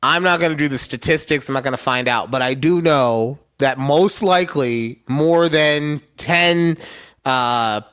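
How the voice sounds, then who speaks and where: A young man co-hosting a comedy podcast, talking animatedly with loud bursts and laughing rants. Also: medium pitch, unhurried, clean tone. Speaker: podcast co-host. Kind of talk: casual comedic chat.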